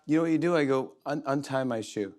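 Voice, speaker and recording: A middle-aged man hosting a late-night show, telling a rambling, excited story full of restarts and fillers. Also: medium pitch, quick pace, soft background music. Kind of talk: monologue, storytelling chat. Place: TV studio with live audience.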